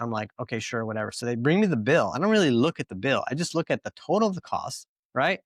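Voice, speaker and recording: A man's voice: medium pitch, expressive, quick pace, hardly any pauses, no room sound, clean studio sound. A man hosting a podcast, telling a story in a rambling, casual way full of fillers. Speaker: podcast host.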